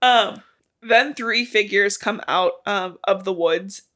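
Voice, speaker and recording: A woman's voice: medium pitch, takes it slowly, a bit bright. Young woman co-host with a slight lisp; loose, rambling recap delivery with casual swearing. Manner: rambling, swears casually, acts out quoted lines. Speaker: podcast co-host. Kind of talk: casual book recap chat.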